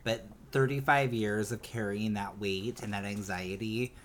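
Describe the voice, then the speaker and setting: A male podcast co-host speaking in a soft, reflective way. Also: fairly low pitch, fairly even intonation, a little slow, slight background noise. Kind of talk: casual podcast chat.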